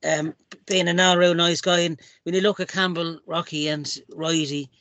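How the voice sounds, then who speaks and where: Friendly host guy, higher voice, pretty flat delivery, dry sound. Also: moderate pace, no room sound. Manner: affable, hands over to guests. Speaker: podcast host. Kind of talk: casual chat.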